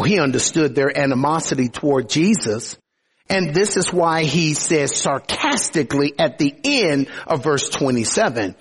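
A man's voice: a little high, expressive, unhurried, breathy edge. A man preaching a sermon expressively, often opening his sentences with "oh". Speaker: pastor.

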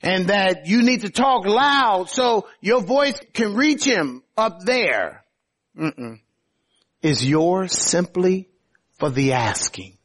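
Husky-voiced male preacher. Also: high-pitched, lively intonation, takes it slowly. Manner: emphatic, conversational preaching with sudden swings in loudness. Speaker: pastor. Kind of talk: sermon.

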